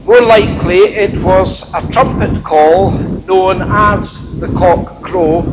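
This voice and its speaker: A man with a high voice retells a story as a sermon in a reflective, colloquial way. The recording is dull and muffled, and loud wind noise rushes across the mic. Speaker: preacher.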